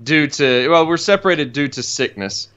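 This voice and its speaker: A man's voice: on the high side, animated, moderate pace, a bit bright, clean tone. A man co-hosting a casual livestream from his room at home, dry and laid-back, playing along with the jokes. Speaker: co-host of a comics livestream. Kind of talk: casual live-stream chat. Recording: dull lo-fi home stream audio.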